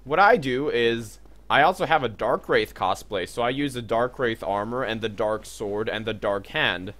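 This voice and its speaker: A man's voice: mid-range voice, moderate pace, a bit bright. A young man streaming a video game, chatting casually with viewers in a loose, joking way, swearing and filling gaps with "like" and "um". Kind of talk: casual live-stream commentary.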